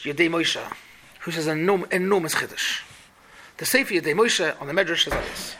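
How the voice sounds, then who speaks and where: High, bright-voiced man teaching. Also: a little hiss or hum. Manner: questioning, animated, repeats points. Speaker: Torah teacher. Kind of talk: Talmud class for boys.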